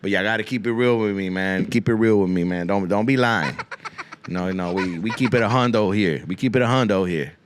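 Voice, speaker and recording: A man's voice: lowish voice, brisk, background noise. A man hosting a podcast, rambling through a crude comic monologue full of swearing and Spanish slang, often repeating himself. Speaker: podcast host.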